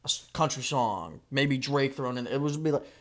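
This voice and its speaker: A man co-hosting a podcast from a home basement, telling tall tales in a deadpan, sarcastic, profane way. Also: mid-range voice, moderate pace. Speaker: podcast co-host. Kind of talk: casual comedic banter.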